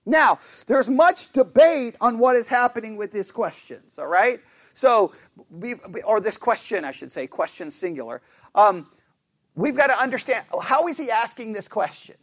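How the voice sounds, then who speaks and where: A man teaching a Bible study class in an animated, conversational way, asking the class questions and correcting himself as he goes. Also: very high voice, a little slow.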